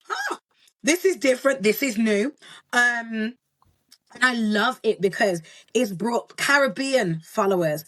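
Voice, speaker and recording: A woman's voice: a little high, fairly bright tone, dry recording. Bubbly woman guest. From Britain. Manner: bubbly, boisterous, laughs often. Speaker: guest, content creator. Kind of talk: casual interview chat.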